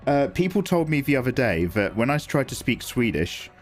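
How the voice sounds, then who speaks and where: A man's voice: medium pitch, very animated, normal speed, faint music behind. A man chatting casually and self-deprecatingly on a live art stream while he draws, reading chat aloud.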